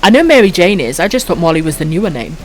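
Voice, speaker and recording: A woman's voice: on the low side, big pitch swings, fast, faint music behind. A Welsh woman in her thirties chatting casually on a late-night stream, swearing freely and calling viewers pet names. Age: 30s. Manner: foul-mouthed, affectionate, reads chat aloud, giggly.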